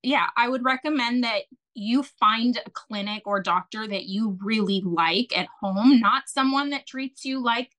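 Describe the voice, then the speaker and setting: A woman telling a long personal story as a podcast guest, chatty and animated, with many fillers and restarts. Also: on the high side, a little slow, few pauses. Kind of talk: casual storytelling.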